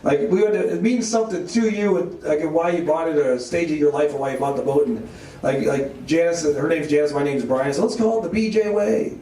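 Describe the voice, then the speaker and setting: On an echoey club stage, a comedian with a fairly quick, mellow, high-leaning voice rambles through self-mocking tales to a laughing audience. He's captured off-mic from a distance, with a little hiss or hum in the audio.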